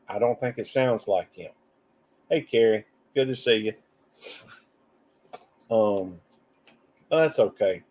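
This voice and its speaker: On a live stream, a man with a Southern US accent chats loosely, drawling and rambling as he reads viewer comments aloud. His voice is on the low side and a little mellow, and he speaks slowly with long pauses.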